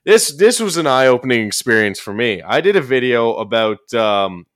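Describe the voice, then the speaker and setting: Profane, animated podcast host man. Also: mid-range voice, moderate pace. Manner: loose and profane, animated storytelling with bursts of emphasis. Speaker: podcast host and commentary YouTuber. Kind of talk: casual podcast chat.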